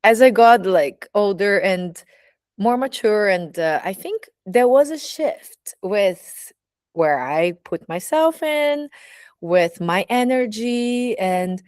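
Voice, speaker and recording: A woman's voice: medium pitch, expressive, slow pace, darkish tone, clear, resonant tone, no room sound, studio quality. A woman with a Brazilian accent, a burlesque teacher speaking candidly in a casual personal monologue, full of "you know, like" fillers.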